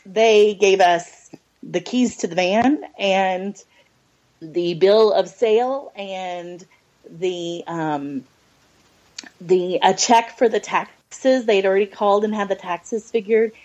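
A woman's voice: mid-range voice, takes it slowly, darkish tone. Earnest woman sharing a faith testimony. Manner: earnest, hesitant storytelling with many fillers. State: close to tears. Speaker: podcast guest, adoptive mother. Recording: dull lo-fi audio.

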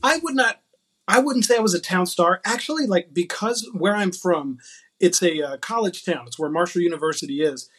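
A man in his thirties, from West Virginia, chats as an interview guest. His voice sits a bit high for a man, and he tells his stories in a loose, self-mocking way, full of ums and restarts. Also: animated, normal speed, a bit bright, slightly rough. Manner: chatty, self-mocking storyteller with frequent fillers. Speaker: podcast guest, actor. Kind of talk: casual interview chat.

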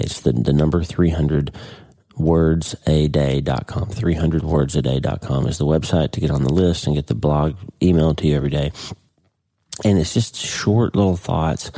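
A middle-aged man with a very deep, mellow voice hosts a podcast. He talks earnestly and off the cuff, with a husky edge to his tone. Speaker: podcast host. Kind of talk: casual podcast talk.

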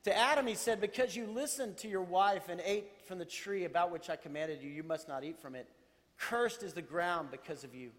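A man preaching a sermon to a congregation, conversational and animated, with playful asides. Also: high voice, a little fast, in a large hall. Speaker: pastor.

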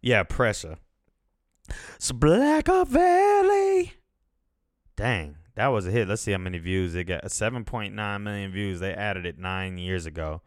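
Laid-back guy rambling on his podcast, low voice, takes his time, dry sound. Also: moderate pace, few pauses, a bit bright, clear, resonant tone, no room sound. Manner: rambling, profane, laughing. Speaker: podcast host. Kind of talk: casual chat.

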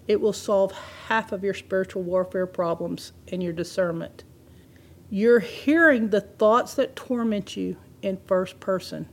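A woman's voice: medium pitch, a little mellow. A woman preaching a sermon, reading scripture aloud and laughing often as she explains it.

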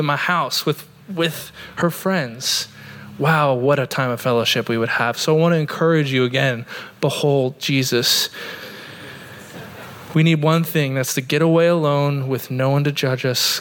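A man's voice: mid-range voice, fairly even intonation, a little slow, a bit bright. Earnest conversational pastor, man. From Oregon, USA. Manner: conversational, earnest, with frequent "like" fillers. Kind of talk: sermon. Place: church sanctuary.

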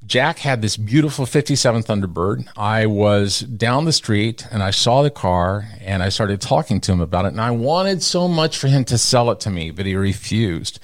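A man's voice: moderate pace, few pauses. A middle-aged man from Texas, telling stories as an interview guest and acting out the people he quotes. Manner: animated storyteller who acts out quoted people with big pitch jumps. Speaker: radio personality, interview guest. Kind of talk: storytelling in an interview.

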